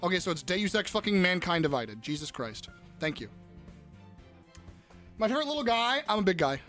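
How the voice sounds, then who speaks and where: A man's voice: high-pitched, sing-song, fairly quick, a bit bright, soft background music. A young man live-streaming in casual chat, crudely joking and riffing on messages from his viewers.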